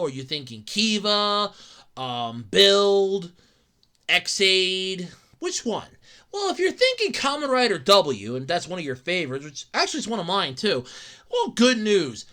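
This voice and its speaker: A podcast host ranting alone on a show, excitable and profane, laughing often and jumping between loud outbursts and mumbled asides. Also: medium pitch. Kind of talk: solo podcast rant.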